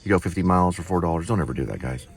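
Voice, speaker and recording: A man's voice: sits low, very fast. A man chatting casually while driving with his wife, rambling and joking as he goes. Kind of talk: casual chat in a car. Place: inside a moving car. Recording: noisy car recording.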